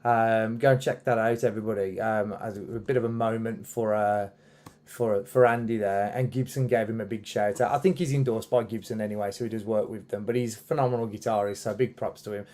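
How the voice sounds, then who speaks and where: A man's voice: on the low side, steady tone, a little fast, a little mellow. A man hosting a casual interview, talking in a rambling way with many fillers and restarts. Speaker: podcast host and musician.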